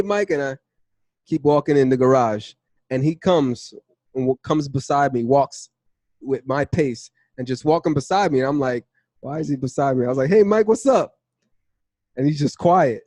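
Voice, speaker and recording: Animated man telling a faith story. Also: a little high, dry recording. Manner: animated storytelling, acts out dialogue with "I was like". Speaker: Bible study teacher. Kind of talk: casual testimony and teaching.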